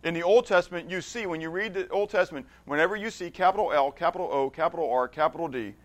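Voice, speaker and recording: A man's voice: on the high side, fast talker. A man leading an interactive Bible class. He reads scripture aloud with emphasis, often restarts or repeats words, and keeps checking that his listeners follow. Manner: conversational, stops often to check understanding. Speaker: Bible study teacher.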